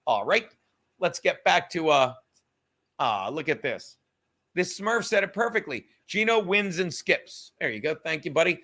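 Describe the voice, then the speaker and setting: High bright-voiced man ranting profanely. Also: sing-song, measured pace. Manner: profane, ranting, talks straight to viewers and commenters. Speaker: podcast host. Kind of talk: live-stream podcast rant. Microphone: computer mic on a live stream.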